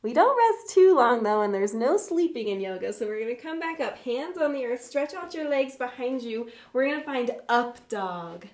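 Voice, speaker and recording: A woman leading a live online yoga class for kids, gentle, encouraging and playful as she talks through each pose. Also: fairly high pitch, very animated, normal speed, hardly any pauses, reverberant. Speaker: yoga teacher for children.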